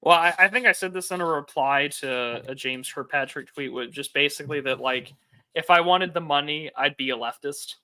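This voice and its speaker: Male podcast co-host, smooth and bright, halting wry delivery full of restarts. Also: on the high side. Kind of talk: casual podcast conversation.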